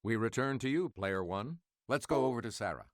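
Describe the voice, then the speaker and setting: A male quiz host reads each clue in a measured, crisp delivery. His voice sits at a middle pitch but moves up and down a lot. He keeps things brisk as he hands the board back to the player. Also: lively intonation, no room sound, clean studio sound. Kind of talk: scripted quiz hosting.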